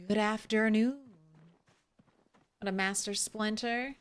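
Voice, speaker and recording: A woman's voice: medium pitch, a little slow, sharp tone. A young adult woman streaming a game live, chatting casually and greeting her viewers with giggles. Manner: bubbly, greets chat, giggly.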